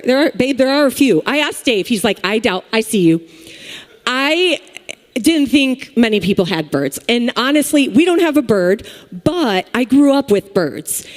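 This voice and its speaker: A woman in her thirties giving a sermon, chatty and joking with the congregation between points. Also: a little high. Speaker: speaker at a church service. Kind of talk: sermon with personal stories. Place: large church hall with live audience. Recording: long hall reverb.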